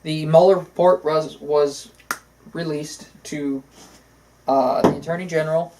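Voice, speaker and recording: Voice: mid-range voice, fairly even intonation, a little slow, background noise. An opinionated co-host talking politics in a loose, casual chat. The talk comes in long runs full of "uh" and "so". The tone is conversational and unscripted. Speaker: podcast co-host.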